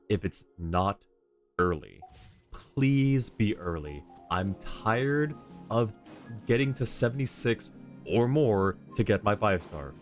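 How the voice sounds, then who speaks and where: A man streaming a video game live, giving chatty, rambling commentary and laughing often. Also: lowish voice.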